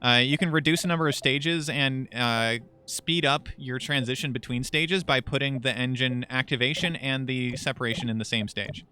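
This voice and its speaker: Bright-voiced halting male streamer. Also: medium pitch, clean tone. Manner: hesitant, lots of uh and restarts, helpful explainer. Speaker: streamer acting as mission control. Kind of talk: casual gaming banter.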